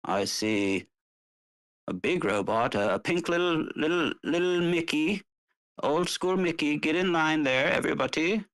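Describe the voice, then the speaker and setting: A man's voice: on the high side, lively intonation, measured pace, a bit bright, poor audio. A man improvising a playful comic announcement, rambling through what he sees as he calls people into line. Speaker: guest.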